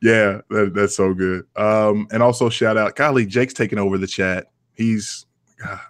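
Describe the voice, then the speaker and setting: A man hosting a casual sports podcast, playful and quick to laugh as he reads out the chat. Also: on the low side, fairly even intonation, dry recording. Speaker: podcast host.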